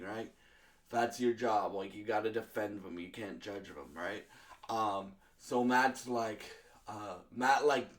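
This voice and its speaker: A man's voice: medium pitch, a bit bright. Rambling young man reviewing a show. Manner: rambling, lots of fillers and restarts. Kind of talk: casual video review.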